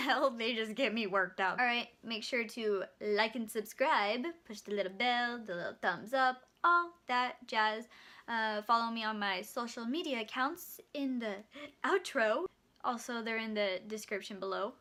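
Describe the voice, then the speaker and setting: A young woman in her twenties, a store bakery clerk, telling a storytime vlog in an animated way and acting out both sides of a scene. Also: on the high side, normal speed.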